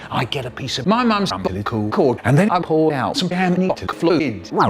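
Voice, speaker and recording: A man telling a spliced comic story in a lively, singsong storyteller's way. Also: on the high side.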